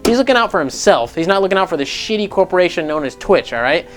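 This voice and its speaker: A man's voice: high-pitched, sing-song, fast. Profane, rambling gaming news guy. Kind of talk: casual rant commentary.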